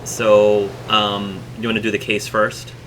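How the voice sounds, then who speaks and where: Low-voiced man running a tabletop game. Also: monotone, fairly bright tone. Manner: halting, many ums and restarts. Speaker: game master. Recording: noisy room hum.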